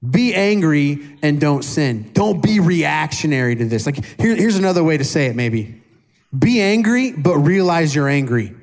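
A pastor in his thirties gives a relaxed, conversational sermon with a voice pitched a little high. He keeps turning to his congregation with questions and pokes fun at himself. His delivery is lively and informal. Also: normal speed, gravelly. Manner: casual and animated, questions the congregation; self-deprecating humor.

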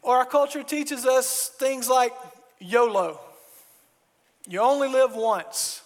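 A man with a very high voice delivers a sermon with lively, emphatic preaching. He slips into quick mock dialogues before landing on strong declarations. His voice rings with long reverb, as in a large hall. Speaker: pastor.

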